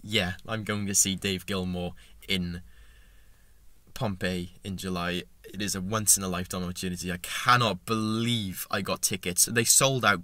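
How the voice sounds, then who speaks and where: A young man vlogging impulsively, emotional and stumbling over his words as he rushes through his story. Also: low voice, steady tone, bright, forceful tone, no room sound. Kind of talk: impulsive excited vlog.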